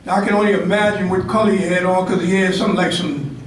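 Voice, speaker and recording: High-voiced older New man, echoey hall. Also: fast talker, background noise. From Harlem, New York. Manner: animated storyteller, acts out quotes. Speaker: ceremony speaker. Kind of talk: storytelling speech. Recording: echoey hall from far off, faint ambience.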